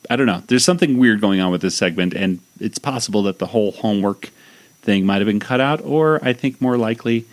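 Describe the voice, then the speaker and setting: A man's voice: on the low side, fast talker. A man hosting a podcast, casually recapping a cartoon episode in a rambling way with lots of fillers and restarts. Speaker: podcast host.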